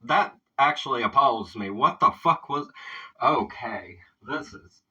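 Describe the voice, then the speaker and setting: A man hosting a casual reaction video, agreeing loudly and swearing often. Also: medium pitch, lively intonation, measured pace, breathy edge, distant mic, dull audio. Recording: voice a bit off the mic.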